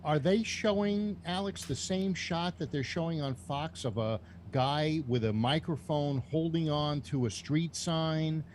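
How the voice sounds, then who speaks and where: A man on a panel who asks curious, halting questions in casual chat. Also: fairly high pitch, darkish tone, slight background noise. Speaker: panel member.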